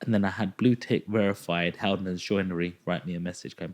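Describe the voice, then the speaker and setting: A young man chatting on a podcast, telling an animated story and acting out the dialogue in it. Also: deep voice, fairly quick, hardly any pauses. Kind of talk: casual podcast chat.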